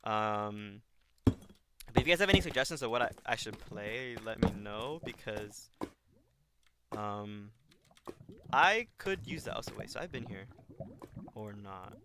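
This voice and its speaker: Young man, casual gaming stream chat, rambling and self-correcting, loud hiss and mouse clicks behind. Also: lowish voice, measured pace, long pauses. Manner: rambling, self-correcting, talks while playing. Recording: loud background noise with clicks.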